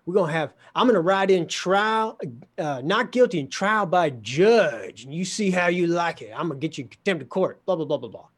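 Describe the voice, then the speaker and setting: A man's voice: high voice, animated, normal speed, husky. A man voicing an impatient, stern judge who talks down to him with menace. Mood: mocking.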